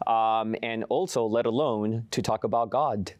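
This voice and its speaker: A young man giving a personal testimony as a guest, telling his story with animated, acted-out quotes. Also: fairly low pitch, measured pace, no room sound. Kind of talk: personal testimony in a studio talk.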